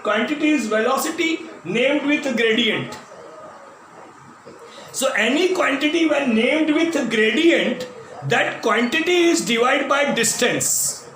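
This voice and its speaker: High-voiced Indian man lecturing physics. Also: animated, takes it slowly, a bit bright. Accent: Indian English. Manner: addresses students as "my dear", repeats key terms. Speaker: physics teacher. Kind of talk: classroom lecture at a board. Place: classroom. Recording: very echoey classroom, voice from a distance, faint noise.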